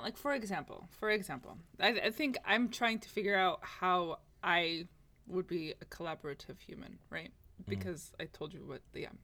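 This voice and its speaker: A woman's voice: mid-range voice, a bit bright. A woman co-hosting a podcast, chatting casually and talking through hypothetical examples. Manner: talkative, laughing, builds hypothetical examples. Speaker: podcast co-host. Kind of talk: casual chat.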